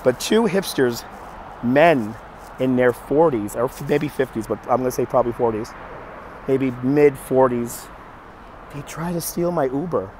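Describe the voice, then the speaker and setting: A hoarse man who keeps coughing, telling a story on a live stream in an animated, exasperated way. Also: medium pitch, a little slow, a little hiss or hum. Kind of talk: casual storytelling to chat.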